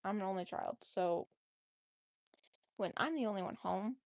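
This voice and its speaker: A woman's voice: medium pitch, moderate pace, gravelly, darkish tone, no echo. A woman vlogging at home, coaxing her cats onto the bed with giggly baby talk. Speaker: vlogger, cat owner. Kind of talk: casual chat with her pets.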